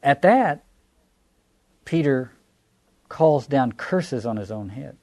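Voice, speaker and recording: Man, Southern American accent, mellow warm tone, thoughtful lecture, rhetorical questions. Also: mid-range voice, very animated, takes it slowly, pauses often. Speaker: lecturer on scripture. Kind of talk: reflective lecture.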